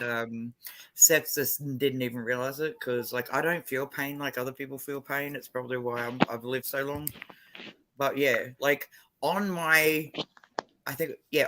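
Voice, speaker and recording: A woman's voice: extremely low pitch, pushed and bright, a little hiss or hum, rough recording. A woman hosting a livestream, chatting casually with viewers in a brash, swearing manner. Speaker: livestream host.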